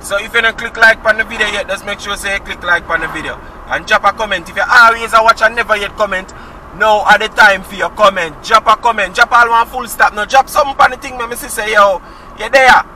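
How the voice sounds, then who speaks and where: A Jamaican man talks to his viewers from behind the wheel, looping back to the same friendly catchphrases. His voice sits high and sounds very bright. He is a little away from the mic, with faint music underneath. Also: fast talker, recorded from a distance, slight background noise, rough recording. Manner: chatty, repeats catchphrases, greets viewers. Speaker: driving vlogger. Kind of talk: casual chat while driving. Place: inside a car on country roads.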